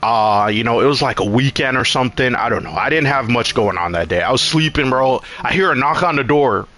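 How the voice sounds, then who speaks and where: A man's voice: medium pitch, lively intonation, fairly quick, pushed and bright. A young male streamer talks loosely and profanely. He rambles through a story and acts out his own past lines in casual live-stream chat.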